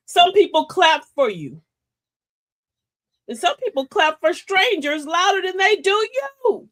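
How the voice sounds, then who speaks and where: A woman's voice: sits high, very animated, measured pace, fairly bright tone. An older woman hosting a live-stream talk, giving life advice emphatically, telling stories and calling listeners baby and y'all. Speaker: host of a live advice show.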